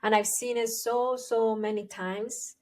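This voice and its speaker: A woman's voice: on the high side, flat delivery, measured pace, a little mellow. A woman working as a parenting educator, explaining her ideas to the camera in an earnest, emphatic way and repeating her key points. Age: adult, parent of young children.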